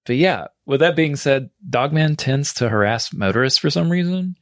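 A man's voice: fairly high pitch, normal speed, fairly bright tone, no echo, studio quality. A man co-hosting a podcast, telling a story in loose casual chat and swearing freely as he laughs along. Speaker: podcast co-host.

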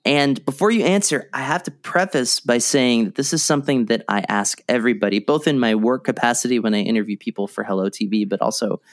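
A man's voice: mid-range voice, fairly quick, few pauses, no echo, studio quality. A man hosting a podcast, asking long-winded questions and joking with his guest. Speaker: podcast host. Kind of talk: casual interview chat.

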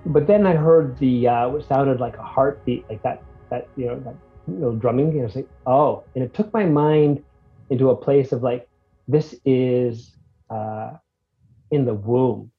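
A man talking loosely about a piece of music, wandering from thought to thought and voicing his reactions as he goes. His pitch sits in the middle, and the sound is a little dull, with faint music underneath. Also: measured pace. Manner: rambling and animated, restarts, acts out his reactions. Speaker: guest reviewing a music track. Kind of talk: casual chat.

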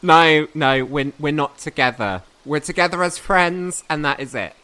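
A woman's voice: deep voice, normal speed, a bit bright. A woman voicing a shy, awkward young male elf who stammers and apologizes often. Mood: flustered, shy.

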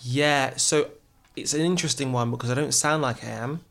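A man's voice: mid-range voice, fairly quick, gravelly, fairly bright tone. A man from England, a TV presenter, talking as a podcast guest in an earnest, reflective storytelling manner. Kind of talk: conversational interview.

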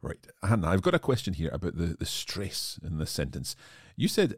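A man's voice: low-pitched, wildly swooping pitch, moderate pace, slightly rough, no echo, clean studio sound. A man hosting a language lesson podcast, joking at his own expense while discussing phrases with a teacher. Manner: self-deprecating, joking. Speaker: podcast host learning Swedish.

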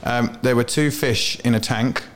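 A man co-hosting a podcast, chatty and quick with joking asides. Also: mid-range voice, steady tone. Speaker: podcast co-host. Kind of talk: casual podcast interview.

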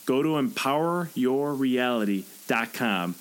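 A man's voice: medium pitch, lively intonation, measured pace, low-quality recording. A man hosting a motivational podcast, talking earnestly and acting out the things people say to themselves. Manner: earnest, coaching, acts out inner voices. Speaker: podcast host and author. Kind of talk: motivational solo podcast talk.

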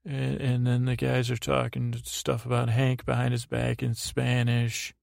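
Very gravelly, flat-voiced man rambling. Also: mid-range voice, unhurried, dry recording, clean studio sound. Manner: meandering, digressive, full of fillers. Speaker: podcast host. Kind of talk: rambling bedtime recap.

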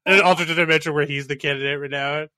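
A man's voice: on the high side, steady tone, fast talker, sharp tone, no echo. A man hosting a casual political comedy podcast, teasing and wry, with stumbling restarts. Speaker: podcast host. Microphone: remote call recording.

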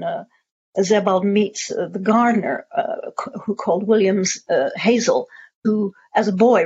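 A woman's voice: medium pitch, a little mellow, slightly rough. A woman answering audience questions at a talk, discursive, with many fillers and restarts. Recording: muffled lo-fi audio.

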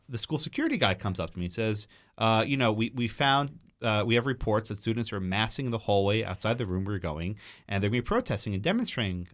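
Animated man telling a story, lively pitch. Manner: animated, quotes people in changing voices. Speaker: podcast guest. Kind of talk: storytelling in a podcast interview. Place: podcast studio.

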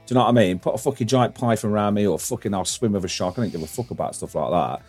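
A man's voice: lowish voice, rapid-fire, a little mellow, slightly rough, soft background music. A man hosting a casual podcast, rambling through stories, swearing freely and laughing often. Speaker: podcast host.

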